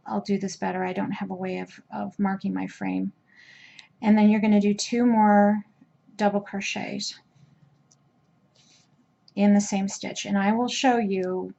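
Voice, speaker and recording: A woman in a relaxed crochet tutorial explains each step as she works, often pausing with fillers and restarting her sentences. Her voice sits at an ordinary middle pitch. The sound is a bit dull and lo-fi, like a simple home camera recording. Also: gravelly. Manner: chatty, hesitant with fillers and restarts. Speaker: crochet instructor.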